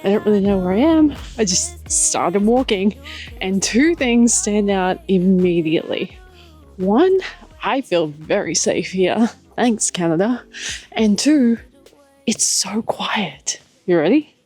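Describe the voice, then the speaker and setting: A woman's voice: medium pitch, animated, unhurried, mellow, slightly rough, soft background music. A young adult woman travel vlogger who talks in an enthusiastic, upbeat and descriptive way. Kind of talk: travel vlog narration.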